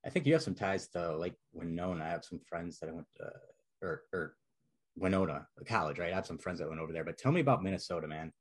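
A chatty man from Wisconsin hosts a casual podcast interview in a husky, breathy voice. He sits a bit low in pitch and rambles along with an easy, jokey manner. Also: animated, fast talker. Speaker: podcast host.

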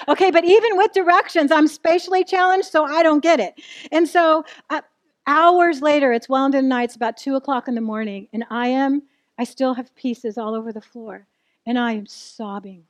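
A woman's voice: sits high, moderate pace, dry recording. A middle-aged woman preaching a sermon, telling a candid personal story and asking the audience questions. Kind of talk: sermon to a live church audience.

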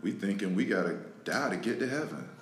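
A man, hosting a podcast and delivering an emotional, preachy monologue that repeats lines for emphasis and swings between loud and soft. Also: low voice, lively intonation, brisk. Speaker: podcast host. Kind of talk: impassioned spoken monologue. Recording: roomy echo with faint music.

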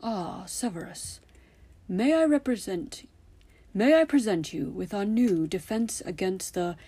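A woman voicing an elderly male headmaster, calm and commanding, speaking softly and often in a whisper in a storybook reading. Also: medium pitch, slightly rough. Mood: mild. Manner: soft, measured, often whispered.

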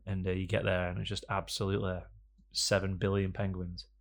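Gravelly man rambling jokily. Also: deep voice, flat delivery, a little fast. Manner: rambling, jokey storytelling with frequent fillers. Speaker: podcast co-host. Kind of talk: casual banter.

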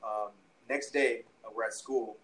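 A man's voice: mid-range voice, steady tone, measured pace, a bit bright, a little hiss or hum, rough recording. A young man tells a story in casual conversation, rambling and profane, with lots of restarts and fillers. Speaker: podcast guest, musician.

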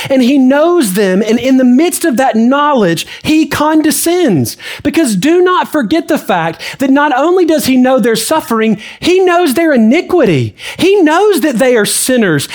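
A man preaching a sermon as pastor, emphatic and repetitive. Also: very high voice. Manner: emphatic preaching with repeated phrases. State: out of breath.

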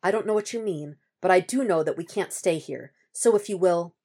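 A haunted young blind man in a fan audiobook, as a woman reads him. He speaks in hesitant, guarded phrases, a little higher than the narration. Beneath his words is a quiet strain. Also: brisk. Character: troubled young blind male lawyer.

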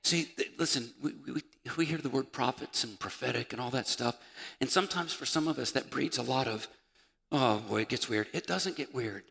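A male pastor preaches in a church sanctuary, his mid-pitched voice carrying some gravel. The room gives it a long, ringing reverb. He swings from loud calls to hushed, almost whispered lines. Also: a little fast. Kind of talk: sermon.

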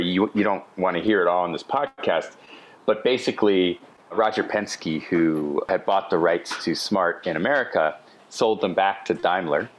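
A middle-aged man spinning a long anecdote on a podcast, his voice sitting fairly low. He talks casually and with animation, slipping in chatty asides as he goes. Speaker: podcast guest. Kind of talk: casual storytelling.

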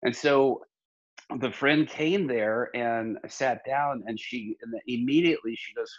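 Male pastor, impassioned preacherly storyteller, husky timbre, muffled lo-fi audio. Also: medium pitch, normal speed. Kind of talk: earnest conversational storytelling.

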